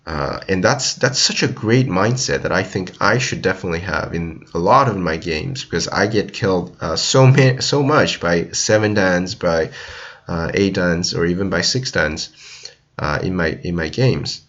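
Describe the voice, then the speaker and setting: A man's voice: deep voice, normal speed, a bit bright, highs cut off. A man casually commenting on a board game, talking loosely with many fillers and restarts and briefly acting out the players' thoughts.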